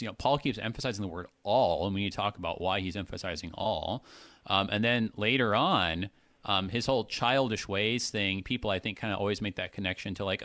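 A man's voice: fairly low pitch, a bit bright, dry recording. Male host, Bible discussion, emphatic reader, dry recording. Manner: reads slowly with strong emphasis, then chats with fillers and restarts. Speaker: host reading and discussing scripture.

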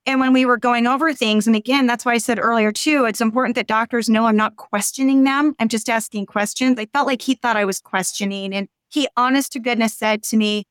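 A middle-aged woman talking frankly and earnestly as a guest on a podcast interview, going on at length and rising high when exasperated. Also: fairly even intonation, a little fast, hardly any pauses, clear, resonant tone, no echo.

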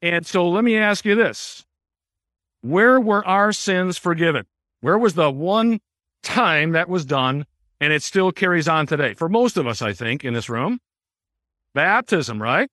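A man teaching a Bible class in a room with a small group, explaining in a conversational way and often pausing to put questions to the class. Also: fairly high pitch, expressive, pushed and bright, no room sound, clean studio sound. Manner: explanatory, asks the class questions, many uh fillers.

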